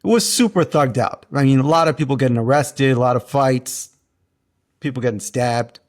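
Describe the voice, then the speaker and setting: A man's voice: mid-range voice, moderate pace. Man, podcast host, from Canada, casual interview, eager storyteller. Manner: enthusiastic storytelling.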